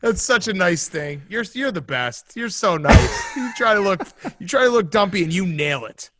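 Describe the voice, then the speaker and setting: Man, podcast co-host, teasing banter, bright tense voice, dry close sound. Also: high-pitched, expressive, normal speed, no room sound. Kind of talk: casual chat.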